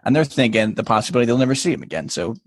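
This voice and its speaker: A man's voice: medium pitch, animated, very fast, dry recording, clean studio sound. A man co-hosting a podcast, casually recapping a show, swearing freely. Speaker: podcast co-host.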